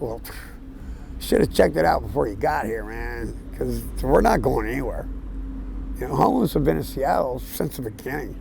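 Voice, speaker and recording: A man of around 60 telling his life story outdoors on a city street, plain-spoken and casual, with fillers and soft chuckles. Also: on the high side, expressive, normal speed, gravelly, slight background noise, poor audio. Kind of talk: candid storytelling.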